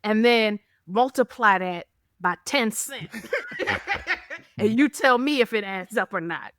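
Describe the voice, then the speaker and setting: A woman co-hosting a podcast in casual, animated chat, laughing often and acting out the texts she quotes. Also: medium pitch, takes it slowly. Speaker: podcast co-host.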